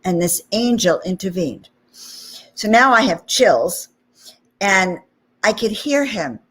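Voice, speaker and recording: A woman's voice: medium pitch, takes it slowly, slightly rough. A woman hosting a spiritual talk channel, telling a personal story in a chatty way with frequent "okay?" and "you know" asides. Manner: animated anecdote with frequent 'okay?' and 'you know' asides.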